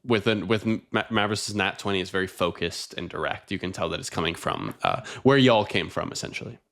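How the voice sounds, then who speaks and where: A man's voice: sits low, expressive, fairly quick, creaky, a bit bright. A man running a tabletop game as game master, casual and laughing often.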